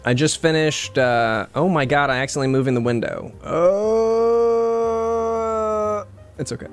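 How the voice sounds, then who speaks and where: A man's voice: on the high side, expressive, measured pace, faint music behind. A man streaming a game, chatting casually with his viewers, swearing and laughing at his own jokes. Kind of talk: casual live-stream chat over gameplay.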